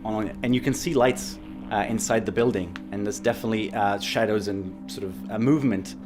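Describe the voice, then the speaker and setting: Low-voiced man narrating a tabletop game. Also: fairly quick, over music. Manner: meandering, many fillers. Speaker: game master.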